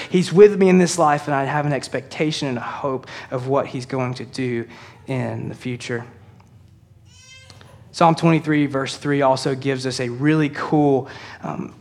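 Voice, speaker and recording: A male pastor delivers a sermon in a slightly higher-than-usual voice. He speaks earnestly to the congregation, and on key lines he slows down and drops his voice softly for emphasis. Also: vocal fry. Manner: earnest preaching, addresses congregation as church and y'all.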